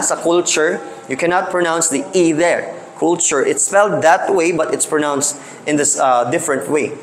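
A man with a Filipino Cebuano accent gives a linguistics lecture, switching between English and Cebuano, drawing out example words and checking with "okay?". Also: on the high side. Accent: Filipino, Cebuano-speaking. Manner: drawn-out, emphatic word examples. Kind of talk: classroom lecture. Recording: echoey room with faint ambient noise.

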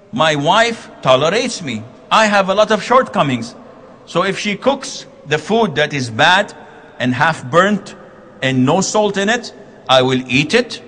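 A man giving a religious lecture, telling stories with quoted dialogue and gentle self-deprecating humor. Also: fairly high pitch. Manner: animated storytelling with quoted dialogue. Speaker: Islamic preacher. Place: lecture hall.

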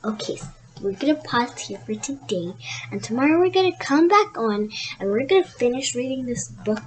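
A woman reading a picture book aloud to children, expressive and slow, with chatty asides to her listeners. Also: high-pitched, rough recording. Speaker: read-aloud channel host.

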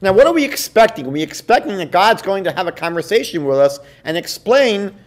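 Male rabbi lecturer, high voice, very lively delivery, acts out quotes. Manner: animated storytelling, acts out quoted voices, slows for emphasis. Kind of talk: lecture to a live class.

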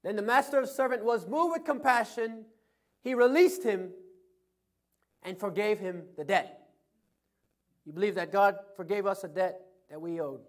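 A male pastor preaching a sermon, reading scripture and telling anecdotes, swinging from loud emphasis to soft asides. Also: high-pitched, normal speed, pauses often. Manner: tells anecdotes with chuckles.

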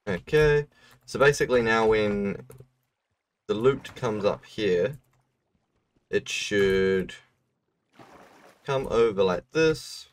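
A man's voice: on the low side, takes it slowly, long pauses, far from the mic. A young man streaming a game, casually explaining a build to a viewer and laughing now and then. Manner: laid-back explaining, laughs often. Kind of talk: casual gameplay commentary.

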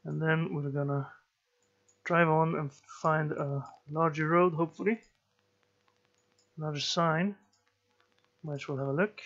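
A man giving slow let's play commentary, musing and thinking aloud as he plays. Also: on the high side, steady tone, fairly bright tone, highs cut off. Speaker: gameplay commentator.

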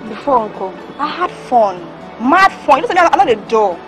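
A young friend with a Nigerian Pidgin accent who teases and mixes in slang. Her voice is high and bounces around a lot, with music under it. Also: big pitch swings, normal speed, a bit bright, low-quality recording. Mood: playful. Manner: teasing, laughing, pidgin slang. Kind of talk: film acting.

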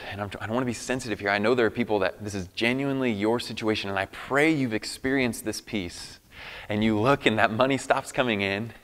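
A man's voice: on the low side, a bit bright, long reverb tail. A man preaching a sermon as pastor, earnest and emphatic, often restarting his phrases. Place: church hall.

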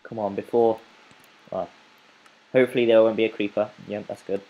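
A man's voice: on the low side, level tone, a little fast, phone-quality sound. A man giving playful, rambling let's play commentary as a gaming channel host, chatting to the animals in his game.

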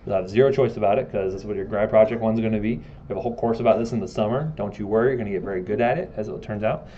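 A man's voice: on the low side, racing, mellow, dull audio, a little hiss or hum. A man giving a casual classroom lecture, joking and asking his students questions.

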